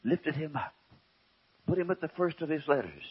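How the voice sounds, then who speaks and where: A man preaches a sermon in a slow, emphatic way and often sinks to a hush. His voice is a little husky and his pitch rises and falls freely. The recording sounds dull and lo-fi. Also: big pitch swings. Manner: slow and emphatic, drops to a hush, asks rhetorical questions.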